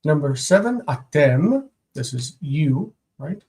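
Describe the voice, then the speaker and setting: A man teaching Hebrew grammar in a live stream, slow and patient, repeating each word several times. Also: fairly high pitch, darkish tone.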